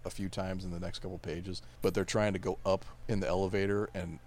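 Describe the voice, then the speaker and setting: A man's voice: low voice, flat delivery, fairly quick, darkish tone. A man co-hosting a book club podcast, recapping the plot in a laid-back, profane way. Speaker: podcast co-host. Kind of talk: casual book club chat.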